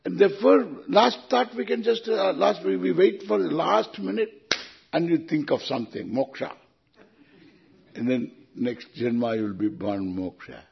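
Man, Indian English accent, spiritual teacher, chuckling, unhurried, husky, dull lo-fi recording. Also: fairly high pitch, lively intonation. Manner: unhurried, chuckling, chants Sanskrit verses. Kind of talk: scripture lecture.

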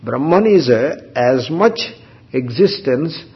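A man giving a spiritual discourse as a teacher, speaking slowly with halting pauses and restarts and chanting Sanskrit terms. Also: mid-range voice, expressive. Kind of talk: Vedanta discourse. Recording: dull lo-fi recording.

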